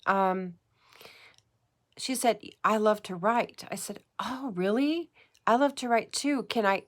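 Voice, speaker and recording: A woman talking straight to the camera in a heartfelt personal vlog, earnest and emotional, repeating phrases for emphasis and close to tears. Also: mid-range voice. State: tearful at times. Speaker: psychic vlogger. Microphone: camera mic, talking to camera.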